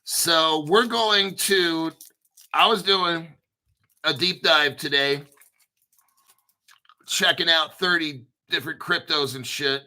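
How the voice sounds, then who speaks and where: An American man hosting a crypto channel, reading an article aloud and riffing on it in a rambling, profane, hyped-up way while clearing his throat. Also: on the high side, slow, long pauses, pushed and bright. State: throat clearing, using a cough drop. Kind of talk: casual video commentary reading an article.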